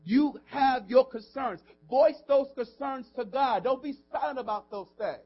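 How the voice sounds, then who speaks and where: High-voiced preaching pastor, lo-fi. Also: male voice, unhurried, husky. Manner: preaching with rising and falling intensity, call-and-response asides. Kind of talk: sermon. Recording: dull lo-fi audio.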